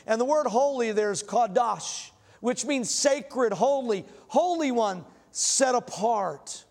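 A man's voice: very high-pitched, animated, slow pace, gravelly, few pauses, a little mellow. A man preaching a sermon in a church, telling folksy stories and asking the congregation questions. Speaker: pastor. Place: church sanctuary. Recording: long hall reverb.

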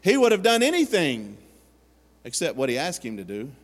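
Earnest pastor in a reverberant hall. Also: male voice, on the high side, wildly swooping pitch, moderate pace. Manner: earnest storytelling, acts out quoted voices. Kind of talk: sermon. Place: church sanctuary.

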